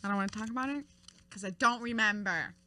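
A young woman co-hosting a podcast, bantering loudly and crudely with a friend. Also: medium pitch, quick pace, a little hiss or hum. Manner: loud, crude, laughing banter. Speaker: podcast co-host. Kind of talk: casual chat.

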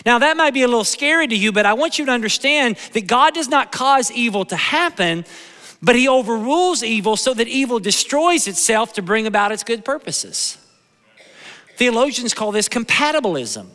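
A man's voice: very high voice, big pitch swings, normal speed, pushed and bright, long reverb tail. A male pastor preaching a sermon in a folksy, emphatic way, with humor and repeated phrases. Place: church sanctuary.

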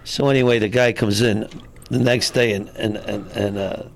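Gravelly male comedian telling jokes. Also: lowish voice, fairly even intonation, normal speed, slight background noise. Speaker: comedian guest. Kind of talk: joke telling.

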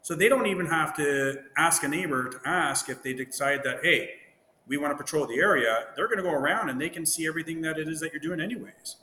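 A man's voice: a little high, fast, sharp tone. A man from Ontario, a guest, telling anecdotes in casual chat and acting out the dialogue he quotes. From Ontario, Canada. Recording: roomy echo with long reverb, faint noise.

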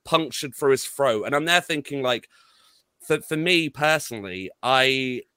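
A man's voice: medium pitch, lively intonation, a little slow, bright, forceful tone, clear, resonant tone, dry recording. A man on a podcast, rambling and exasperated about a film, swearing often and restarting his sentences. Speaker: podcast co-host. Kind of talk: casual film review chat.

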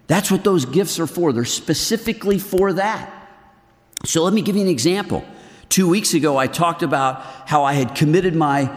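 A middle-aged man preaching to a group of men in a lively, earnest way, swinging between loud and hushed. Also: fairly high pitch, long reverb tail. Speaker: men's ministry speaker. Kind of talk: sermon.

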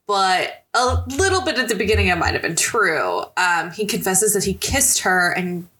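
A woman's voice: mid-range voice, animated, moderate pace, sharp tone. A woman co-hosting a podcast, chatting casually as she recaps a book and laughs often. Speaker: podcast co-host.

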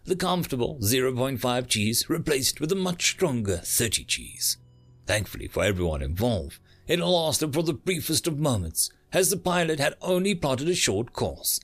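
A man reading a science fiction story aloud as narrator, with dramatic, lively delivery. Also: medium pitch, gravelly. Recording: faint music behind.

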